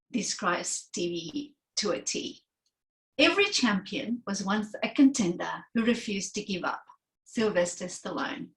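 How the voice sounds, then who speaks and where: A woman's voice: mid-range voice, rough recording. Effusive woman hosting a webinar. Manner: warm, effusive praise. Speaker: webinar host. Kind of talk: introducing a guest.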